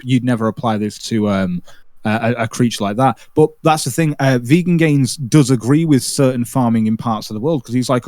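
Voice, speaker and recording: A man hosting a livestream, telling stories in an animated, casual way with frequent swearing. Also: medium pitch, fairly quick, no echo, clean studio sound. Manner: animated storytelling, swears freely, many restarts. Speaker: livestream host. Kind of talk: casual chat.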